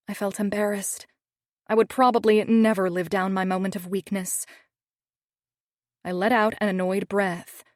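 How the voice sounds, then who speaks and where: A woman's voice: mid-range voice, steady tone, moderate pace, dry recording. A woman narrating a first-person romance audiobook in a wry, snarky tone, on a studio microphone.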